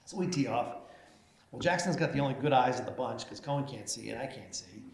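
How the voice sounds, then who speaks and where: A man's voice: medium pitch, lively intonation, a little fast, vocal fry. A middle-aged man, a mayor, giving an award acceptance speech as a folksy storyteller with hesitant fillers, into a podium microphone in a large event hall. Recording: echoey hall, faint noise.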